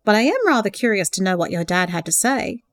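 A woman voicing a gentle, tender young man who speaks warmly and asks curious questions. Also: medium pitch, sing-song, fast, dry recording, clean studio sound, lightly acted.

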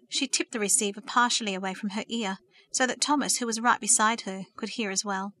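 A woman narrating a story aloud in a steady, expressive manner. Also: mid-range voice, brisk.

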